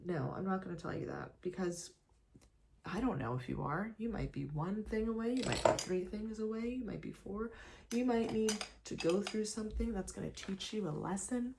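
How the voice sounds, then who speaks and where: A young woman talks straight to camera in a relaxed get-ready-with-me chat, her voice sitting in an ordinary middle pitch. She rambles along with plenty of "like" and "you guys," now and then slipping into a whisper. A faint hiss of background noise sits under her voice. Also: normal speed, vocal fry. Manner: chatty and animated, full of "like" and "you guys", drops to whispers. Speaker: lifestyle vlogger. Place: her apartment.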